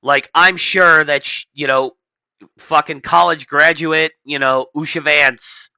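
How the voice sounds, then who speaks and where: Male commentator, sarcastic and profane, very bright voice, dry close sound. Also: a little high, fairly even intonation, slow, vocal fry, clear, resonant tone, dry recording, low-quality recording. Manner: blunt, sarcastic, profane asides. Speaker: political commentary host. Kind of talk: casual reading and commenting on an article.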